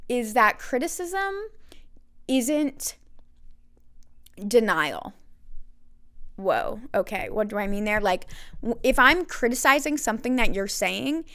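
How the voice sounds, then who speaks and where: A woman's voice: a little high, a bit bright. A young American woman hosting a solo podcast, talking candidly and thinking aloud with frequent ums and likes. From United States. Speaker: podcast host.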